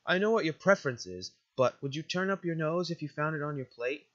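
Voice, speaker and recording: A man's voice: fairly high pitch, expressive, a little fast, dull audio, voice pushed up. A man reading a doting goat-monster mother. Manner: soft, formal, doting speech. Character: gentle motherly female goat monster caretaker. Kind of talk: reading game dialogue aloud.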